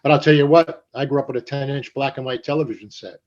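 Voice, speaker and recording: An older man from New Jersey telling stories in an interview, animated and profane, acting out the voices of people he quotes. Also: medium pitch, fast talker, crowd noise. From Paterson, New Jersey. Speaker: guest. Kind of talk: storytelling interview. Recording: dull lo-fi sound.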